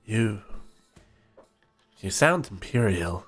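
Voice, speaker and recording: Man doing a jumpy drunk inventor, stammering, suspicious, lowish voice, faint music behind. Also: lively intonation, drawn-out words, a bit bright, husky, full character voice. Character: paranoid drunken male inventor, suspicious and muttering. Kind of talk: tabletop role-play in character.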